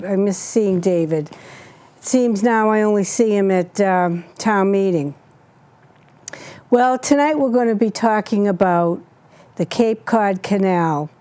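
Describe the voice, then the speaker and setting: A woman's voice: mid-range voice, warm tone. A woman hosting a local cable talk show, chatty and gushing as she plugs sponsors and introduces guests.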